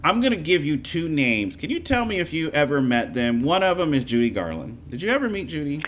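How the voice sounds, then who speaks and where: A man from Louisiana who tells stories in a chatty, animated way during a casual interview. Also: on the high side, brisk, slight background noise.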